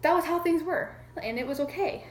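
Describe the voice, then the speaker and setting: A woman's voice: high voice, a little fast, reverberant, slight background noise, rough recording. A woman casually retelling a history lesson in a chatty, irreverent way, acting out quotes and swearing now and then. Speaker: amateur history explainer.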